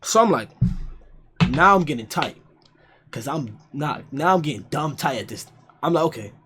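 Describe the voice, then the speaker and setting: A young man telling a story casually on a livestream, animated and profane, repeating lines for emphasis. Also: a little high, moderate pace, slight background noise. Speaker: streamer.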